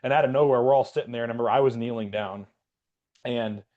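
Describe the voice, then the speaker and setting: A man of average pitch telling a long story in casual podcast chat. He rambles and leans on fillers and restarts. The sound is dull and lo-fi. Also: steady tone, fast talker. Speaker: podcast co-host, Air Force veteran.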